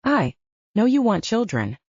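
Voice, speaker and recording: A woman's voice: a little high, very animated, unhurried, a little mellow, slightly rough, dry recording, muffled recording, pitched above the performer's own voice, heavily acted. A woman doing a brash teasing best friend. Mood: coaxing. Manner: blunt, bubbly, teasing.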